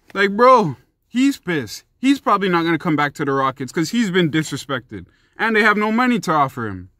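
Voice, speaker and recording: A man's voice: high voice, pushed and bright, no room sound, studio quality. Fired-up young man ranting about sports. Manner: profane, heated and emphatic. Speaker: sports commentary vlogger.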